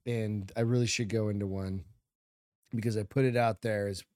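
A man's voice: fairly low pitch, fairly even intonation, normal speed, darkish tone, dry recording. Man, podcast co-host, casual swearing chat, reads articles aloud with asides, dry close sound. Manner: loose and profane, reads news aloud with running asides.

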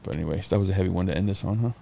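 A middle-aged man with a deep, gravelly voice races through stories as a podcast guest in a casual storytelling interview, animated, swearing freely and acting out what people said.

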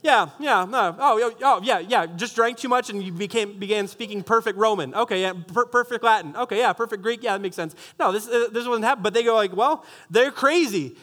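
A man preaching a sermon as pastor, animated and jokey, often restarting sentences and making wry asides. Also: high voice, fast, hardly any pauses.

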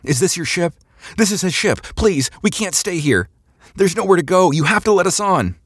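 A man's voice: sits high, big pitch swings, normal speed, husky, dry recording, studio quality, voice pushed up, heavily acted. A man voicing a desperate stranded passenger in a frantic crowd, begging to be let on a ship.

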